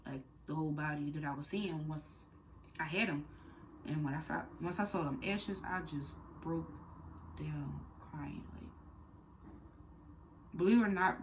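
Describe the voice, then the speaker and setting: A woman's voice: sits low, unhurried, long pauses, background noise. A young woman speaking candidly in a personal storytime vlog, conversational and full of fillers, turning earnest and direct when she gives advice. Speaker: vlogger.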